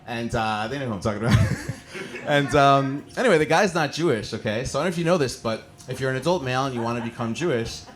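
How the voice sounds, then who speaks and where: With a mid-range, slightly bright voice and lively intonation, a man from the American suburbs rapidly tells stories as host of a stand-up comedy show. He uses a handheld mic before a live audience, with a little hiss or hum, lots of fillers, and laughter at his own jokes.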